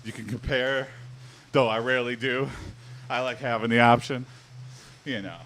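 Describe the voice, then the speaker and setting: A man's voice: mid-range voice, steady tone, moderate pace, a bit bright, slight background noise. A young man from Southeast Michigan chatting casually on a live stream, reacting to chat with rambling, jokey asides.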